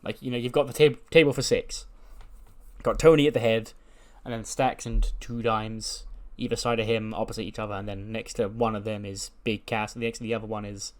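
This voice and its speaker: A man hosting a game series, chatty and animated as he tells the story. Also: lowish voice, a little fast. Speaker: game host. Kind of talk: let's play commentary, storytelling.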